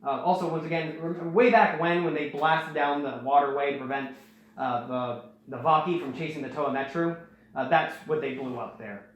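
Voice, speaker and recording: A man's voice: a little high, moderate pace. Rambling man in an echoey room. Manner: rambling, animated, acts out quotes. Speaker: host. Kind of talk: casual storytelling recap.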